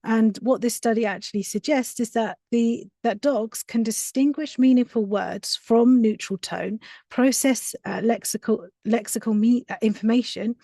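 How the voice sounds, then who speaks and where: A woman's voice: fairly high pitch, moderate pace, dark tone, no echo, studio quality. A woman presenting on a live stream, carefully explaining research step by step with frequent fillers. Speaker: dog trainer presenting research.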